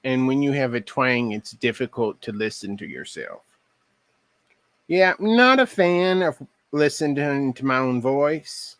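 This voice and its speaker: A man's voice: medium pitch, big pitch swings, unhurried, a bit bright, dry recording. A man with a Texas twang, chatting casually with viewers while painting on a crafts live stream. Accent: Texan.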